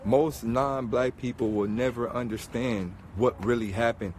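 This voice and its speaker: A man's voice: mid-range voice, a little hiss or hum. A man in a casual rant monologue, talking emphatically and repeating rhetorical questions over and over. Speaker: vlogger.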